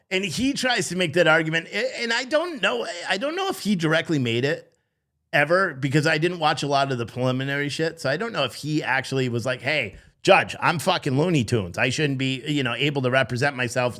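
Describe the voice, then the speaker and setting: A man talking loosely on a livestream as a social media commentator. His voice sits a little high for a man, and he rambles, swears freely and gets animated as he talks to his chat.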